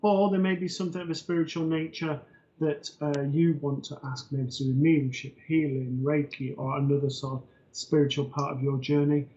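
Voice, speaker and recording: A man's voice: on the high side, steady tone, fairly quick, dark tone. A man co-hosting a live psychic stream, explaining things steadily with filler ums. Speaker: co-host, psychic medium. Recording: dull lo-fi stream audio.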